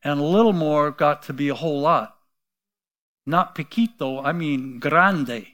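A middle-aged man preaches from the pulpit, telling his story in a slightly high voice. He acts out the voices he quotes and swings between hushed asides and loud, forceful bursts. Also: unhurried. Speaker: pastor. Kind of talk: sermon.

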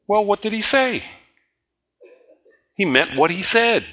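A middle-aged male pastor preaching a sermon, slow and deliberate with emphatic repetition and chuckling asides. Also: fairly high pitch, sharp tone.

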